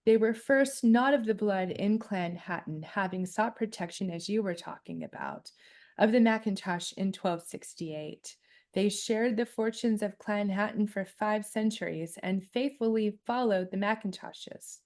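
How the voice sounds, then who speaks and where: A woman's voice: mid-range voice, measured pace, darkish tone. A woman co-hosting a casual chat on clan history and family research, often reading aloud from a booklet. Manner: chatty, reads aloud from a booklet. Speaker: co-host.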